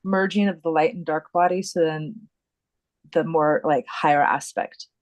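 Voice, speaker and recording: A woman's voice: sits low, steady tone, measured pace, poor audio. A woman co-hosting a podcast in casual chat, musing and searching for her words. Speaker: podcast co-host.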